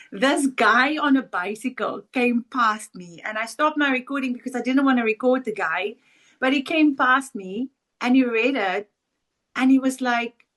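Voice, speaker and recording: A woman's voice: a little high, fairly bright tone. A South African woman co-hosting a podcast, speaking earnestly and with feeling. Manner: earnest, heartfelt, emotional. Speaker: podcast co-host. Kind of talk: casual chat.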